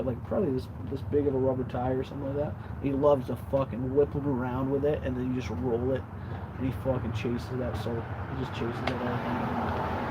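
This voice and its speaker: A young man streaming casually and swearing freely, often going high and sing-song while scolding his dog. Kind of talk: casual livestream chat. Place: outdoors by a street, later indoors. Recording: outdoor mic with loud traffic noise.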